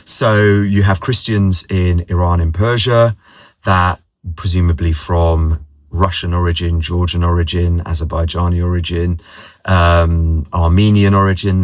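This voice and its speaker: Casual vlogger: man, very low voice, dry close sound, rambling anecdotes. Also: no room sound. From London, England. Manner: rambling, repeats words, mimics others' voices in anecdotes. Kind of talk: casual personal storytelling.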